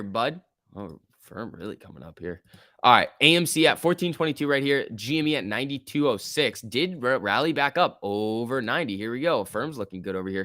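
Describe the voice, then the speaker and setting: A man hosting a live market stream, talking casually and getting excited as he reacts. His pitch swings widely between calm remarks and sudden bursts of enthusiasm. The sound is dry and close, with no room around it. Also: no echo. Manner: excitable, reacts aloud and reads chat. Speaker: livestream host.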